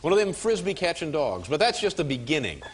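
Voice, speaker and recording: A man hosting a late-night talk show, wry and teasing with quick banter. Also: fairly high pitch, big pitch swings. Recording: noisy broadcast studio audio. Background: loud studio audience.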